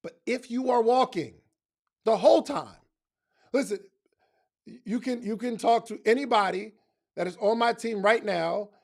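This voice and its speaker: A man's voice: extremely high pitch, moderate pace, creaky, long pauses. A man giving a motivational talk in casual slang, emphatic and speaking straight to his listeners, often repeating phrases for effect.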